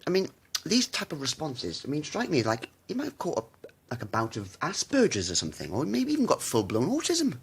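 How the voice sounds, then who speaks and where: Man, rambling profane rant, husky and very animated in pitch. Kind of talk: casual rant to camera.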